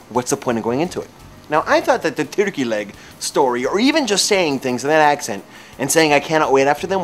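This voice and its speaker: A man spinning a funny anecdote in a loose, rambling way, his pitch bouncing widely as he gets carried away. His voice sits in an ordinary middle register, with faint background hiss behind it. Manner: animated, rambling, many fillers. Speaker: vlogger telling a story. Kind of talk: casual comic storytelling.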